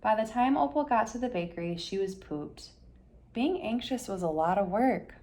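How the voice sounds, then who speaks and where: A woman reads a children's picture book aloud. Her telling is gentle and expressive, easing into the quiet moments of the story. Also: medium pitch, normal speed. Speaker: storybook reader.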